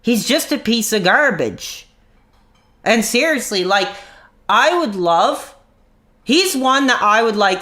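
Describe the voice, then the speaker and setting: A man's voice: high-pitched, very animated, takes it slowly, pauses often, pushed and bright. A man streaming an angry rant into his own mic, swearing, mocking and then apologizing for his language. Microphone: own desk mic.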